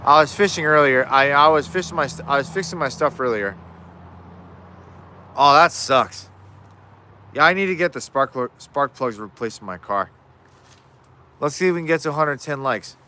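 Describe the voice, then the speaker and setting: Male livestream host, crisp bright tone, loose chatty delivery answering chat outdoors. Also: fairly high pitch, animated, normal speed, long pauses. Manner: rambling, frequent restarts, answers chat. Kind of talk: casual live Q&A chat. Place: outdoors in his yard.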